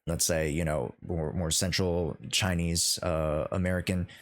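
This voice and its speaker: A man hosting a casual podcast chat on a headset, talking in a halting way with many restarts. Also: low voice, little pitch movement. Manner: hesitant, many restarts and fillers. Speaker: podcast host.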